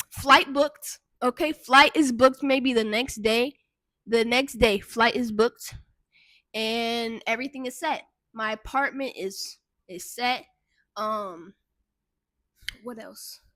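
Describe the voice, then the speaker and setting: A young woman tells her story to camera in a casual vlog, animated and swearing freely as she talks straight to her viewers. Her voice sits a little high and sounds bright and crisp. The recording is dry and close, with no room sound. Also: takes it slowly, dry recording. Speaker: vlogger and intuitive guide.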